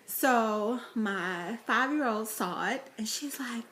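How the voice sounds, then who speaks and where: A woman's voice: on the high side, slow pace, fairly bright tone, slight background noise. A woman vlogging about parenting, telling chatty stories to camera with laughter and fillers. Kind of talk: casual vlog talk to camera.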